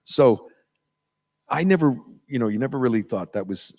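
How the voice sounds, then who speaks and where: An American man, a voice actor guest at a convention panel, telling lively stories and slipping into voices in an auditorium. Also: mid-range voice, moderate pace, gravelly. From United States. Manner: animated storyteller, slips into voices and impressions.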